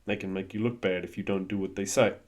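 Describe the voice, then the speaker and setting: A man's voice: low voice, fairly even intonation, fast talker, a little mellow. A man giving a blunt, coaching-style talk that is peppered with swearing. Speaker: host. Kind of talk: motivational monologue.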